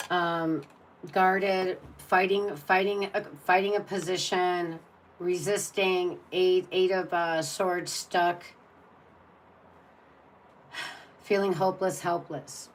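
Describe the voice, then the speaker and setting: A woman's voice: fairly low pitch, level tone, slow pace, long pauses, a little hiss or hum, rough recording. Blunt, rambling woman tarot reader. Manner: blunt, exasperated, rambling with many restarts. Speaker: tarot reader on a live stream. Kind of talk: casual live-stream chat.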